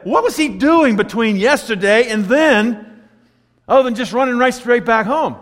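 A man preaching a sermon, telling stories and swinging between loud emphatic lines and hushed asides. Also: very high-pitched, animated, a little fast. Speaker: pastor. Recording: long hall reverb.

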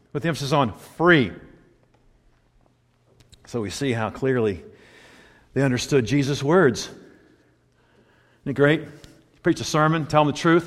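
A man's voice: mid-range voice, big-room sound. A man preaching a sermon, who laughs often and acts out the people he quotes in mocking voices. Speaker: pastor.

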